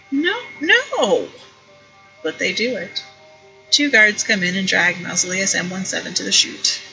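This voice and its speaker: A woman's voice: medium pitch, vocal fry, muffled recording. A woman reading an interactive story game aloud, wry and playful, commenting as she reads. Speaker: streamer playing an interactive story.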